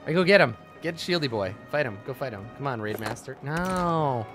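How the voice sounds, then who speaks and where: A man commentating a let's play, reading the game's text aloud and reacting with profane, animated asides. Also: medium pitch, normal speed, few pauses, over music. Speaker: host.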